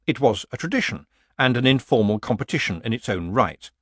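A man's voice: medium pitch, animated, fairly quick, dry recording. A man narrating a comic fantasy story as an audiobook reader.

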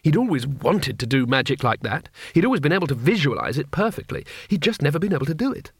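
A man's voice: a little high, sing-song, husky, dry recording. Dry-voiced male audiobook narrator. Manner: measured, wry storytelling. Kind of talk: audiobook reading.

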